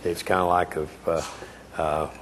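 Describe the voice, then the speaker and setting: A man's voice: deep voice, little pitch movement, unhurried. A man in his eighties giving a keynote speech in a folksy, emphatic way with frequent hesitations. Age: 80s. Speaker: keynote speaker. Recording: reverberant hall, faint noise.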